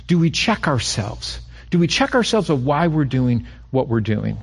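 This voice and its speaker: A middle-aged man preaching a sermon as a pastor, animated, acting out little scenes and often repeating his words. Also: a little high.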